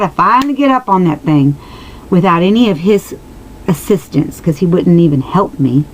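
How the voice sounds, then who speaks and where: Woman vlogger, low-pitched, earnest personal storytelling, lots of restarts and asides, faint background hiss. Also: expressive, moderate pace, low-quality recording. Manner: rambling, with many restarts and asides to viewers; earnest and emotional. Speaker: vlogger answering viewers.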